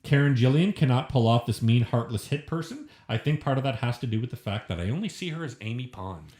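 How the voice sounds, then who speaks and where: A man's voice: medium pitch, fast. A man co-hosting a casual film review podcast, rambling and swearing freely. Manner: profane, rambling, lively. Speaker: podcast co-host. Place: shared room. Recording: echoey room.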